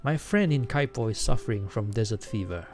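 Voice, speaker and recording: A man voicing an earnest young knight from a game, in a plain, even way. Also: lowish voice, brisk, soft background music.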